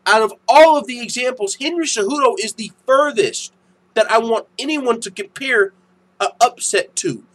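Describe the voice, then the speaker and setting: A man's voice: very high voice, low-quality recording. Fired-up, profane young man ranting. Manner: profane, animated, quick to get heated and shout. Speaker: MMA news channel host. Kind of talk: casual ranting commentary.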